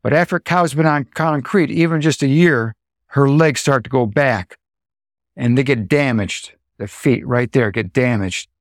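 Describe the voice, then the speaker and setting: A middle-aged American man and dairy farmer, telling farm stories in a lively way, acting out what people said and making sound effects. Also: mid-range voice, a little slow, dry recording, clean studio sound. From United States. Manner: animated storyteller, acts out quotes and sound effects. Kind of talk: anecdotal storytelling.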